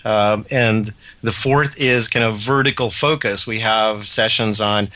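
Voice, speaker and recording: A man interviewed as a radio guest, chairing a conference, brisk and self-deprecating as he lists his points. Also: on the low side, fairly even intonation, bright, forceful tone.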